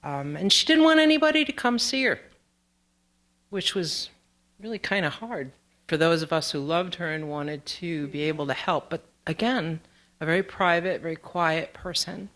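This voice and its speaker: A woman who is a community theater board president, speaking slowly and gently with some halting pauses at an awards event in a theater room. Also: lowish voice. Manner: slow, gentle, halting delivery.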